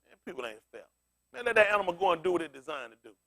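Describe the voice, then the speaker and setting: High animated male preacher with AAVE. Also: very fast. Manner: loud, animated street preaching, laughing asides. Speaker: pastor. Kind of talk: loose preaching to a congregation.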